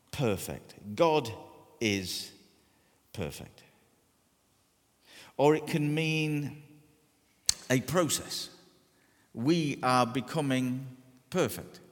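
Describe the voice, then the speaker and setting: A man preaching a sermon, telling stories with self-deprecating humour and deliberate pauses. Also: mid-range voice. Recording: long hall reverb.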